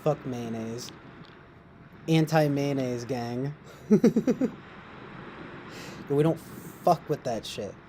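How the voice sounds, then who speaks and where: A man's voice: medium pitch, slow pace, pauses often, dark tone, a little hiss or hum. A young man streaming from his couch at home. He rambles and jokes with profanity, laughs often and improvises silly raps. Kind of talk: rambling late-night stream chatter.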